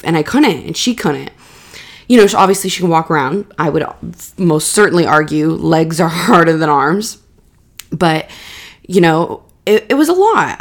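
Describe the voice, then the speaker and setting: A woman's voice: lowish voice, creaky. A young adult woman hosting a solo podcast, telling a personal story candidly and repeating words for emphasis. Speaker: podcast host.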